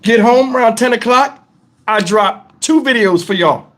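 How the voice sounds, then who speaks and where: Vlogger, man, middle-aged, higher-pitched, heated profane storytime rant. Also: unhurried, fairly bright tone. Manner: heated, profane, emphatic retelling.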